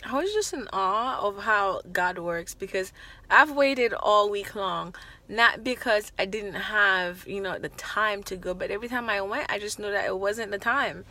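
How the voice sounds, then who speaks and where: Bright-voiced animated young woman vlogging. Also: medium pitch, unhurried. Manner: animated, exclamatory storyteller acting out dialogue. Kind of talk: casual vlog storytelling.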